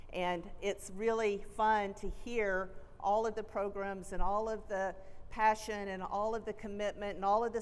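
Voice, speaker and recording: A woman's voice: mid-range voice, a little mellow, smooth. A middle-aged woman with a Texan accent, a college president giving a friendly, chatty conference keynote at a stage microphone. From Texas. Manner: friendly, chatty, self-deprecating asides. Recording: reverberant auditorium.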